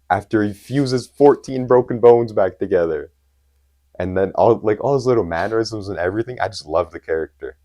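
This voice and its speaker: A man's voice: fairly low pitch, lively intonation, moderate pace, mellow. A young man co-hosting a podcast, talking casually and emphatically as an enthusiastic fan. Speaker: podcast co-host. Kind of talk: casual chat.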